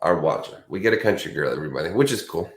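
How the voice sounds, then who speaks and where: A man with a deep, low voice talks in a loose, rambling way, often restarting his sentences as he reflects out loud. His voice rings in a roomy, echoey space. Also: expressive, very fast. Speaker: podcast co-host. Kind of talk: casual chat.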